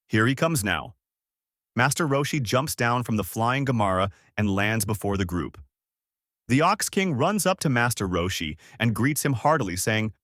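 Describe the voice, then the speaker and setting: A man hosting and reading a fan-made story in a plain, steady narration. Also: lowish voice, moderate pace, no room sound, studio quality. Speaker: host.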